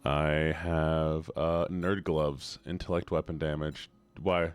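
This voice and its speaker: A man's voice: extremely low pitch, little pitch movement, slow, smooth. A man with a Georgian Southern accent, chatting casually with his chat and a co-player while streaming a game. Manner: laid-back, chatty, laughs often, talks to chat.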